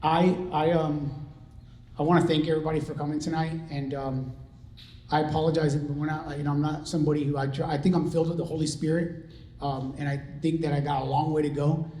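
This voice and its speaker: A middle-aged father shares his testimony in an earnest, conversational way, stumbling through fillers and restarts. His voice sits a little high and sounds mellow and soft-edged. The room around him rings with echo. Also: little pitch movement, fairly quick, slight background noise. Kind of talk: personal testimony talk. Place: large room with an audience. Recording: echoey room.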